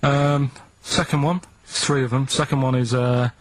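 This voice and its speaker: A man's voice: medium pitch, fairly even intonation, moderate pace, low-quality recording. A man in a comic radio chat who explains quiz clues at length and keeps checking with "right?". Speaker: regular radio contributor setting quiz clues.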